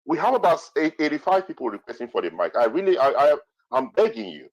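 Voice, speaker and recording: A man moderating a heated online debate, repeatedly stepping in and pleading with the speakers to calm down. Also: a little high, fast, dry recording. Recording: dull lo-fi online audio.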